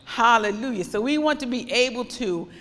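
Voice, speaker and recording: A woman preaching a sermon with fervent, repetitive declarations that rise into loud praise. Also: a little high, lively intonation, normal speed, long reverb tail.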